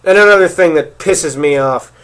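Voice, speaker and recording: A man's voice: a little high, normal speed, fairly bright tone, clean tone. A man delivering an angry, profanity-heavy rant to his camera, swearing constantly and stumbling over repeated words when worked up. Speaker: vlogger.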